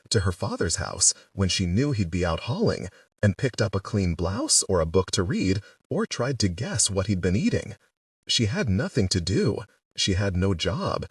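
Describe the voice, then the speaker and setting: Expressive male audiobook narrator. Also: lowish voice, no room sound, recorded from a distance. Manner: expressive storytelling. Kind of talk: novel narration.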